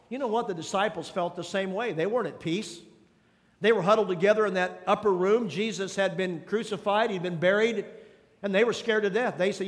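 A male pastor with a high voice preaches an emphatic sermon, pressing his listeners with questions and repeated phrases. His voice carries a long reverb from the large hall around him. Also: brisk. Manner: emphatic, exhorting the congregation with questions and repetition.

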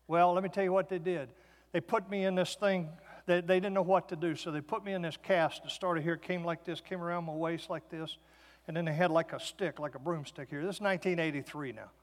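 A man's voice: on the high side, steady tone, brisk. A man in his sixties giving a folksy preaching testimony to an audience. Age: 60s. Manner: folksy storytelling. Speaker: speaker. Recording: long hall reverb.

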